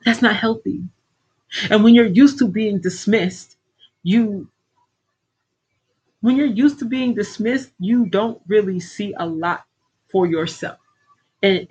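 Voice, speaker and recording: A woman's voice: medium pitch, darkish tone, slightly rough, poor audio. A middle-aged woman coaching her livestream viewers, blunt, preachy and full of swearing. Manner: blunt, heavily profane, preachy. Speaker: life coach hosting a livestream. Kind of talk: casual livestream pep talk.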